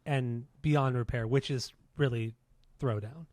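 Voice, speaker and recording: A man hosting a casual music podcast, talking quickly and chattily with his co-host over a remote link. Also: medium pitch, steady tone, a little mellow, no room sound. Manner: fast, chatty intro patter.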